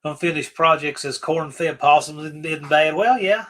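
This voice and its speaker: A man's voice: a little high, unhurried, fairly bright tone, rough recording. A man from Virginia hosting a casual livestream, rambling easygoingly through viewer comments and often trailing off to restart. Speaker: livestream host. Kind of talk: casual live-stream chat, answering viewer comments.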